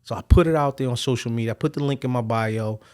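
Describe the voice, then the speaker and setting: A man's voice: medium pitch, fast talker. A man from Philadelphia with a Philadelphia accent, a barber and entrepreneur telling his story as a guest in a casual interview. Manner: animated storyteller who acts out quoted voices.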